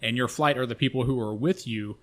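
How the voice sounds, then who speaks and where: A man co-hosting a podcast, telling a long personal story in a loose, rambling way. He swears freely and often restarts his sentences. His pitch sits in a middle range for a man. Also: brisk. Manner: profane, rambling, frequent restarts. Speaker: podcast co-host. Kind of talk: casual storytelling.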